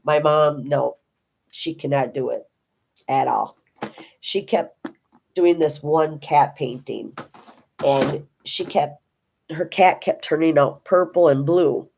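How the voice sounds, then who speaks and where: A woman's voice: deep voice, unhurried, darkish tone. An older woman from Minnesota chatting casually to viewers about her craft hobby and telling homey, rambling family stories. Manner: rambling, homey storytelling with many restarts. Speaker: diamond painting vlogger.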